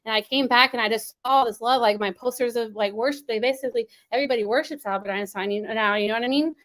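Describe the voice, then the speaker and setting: Fast-talking rambling woman guest. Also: fairly high pitch, fairly bright tone. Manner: rambling, many restarts and "like"s. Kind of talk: casual interview talk.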